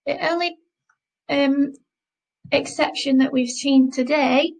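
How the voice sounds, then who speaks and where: A woman teaching a school French class, speaking slowly and patiently and repeating each word twice. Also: high voice, fairly even intonation, gravelly, low-quality recording. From England. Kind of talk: classroom lesson explaining French grammar.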